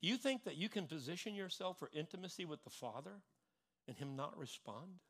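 A middle-aged man preaching a sermon in an animated way, stressing and repeating his points. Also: fairly high pitch, fairly quick.

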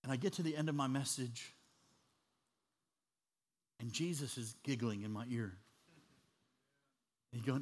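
A man preaching a sermon as an animated, humorous storyteller. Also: mid-range voice, unhurried, pauses often.

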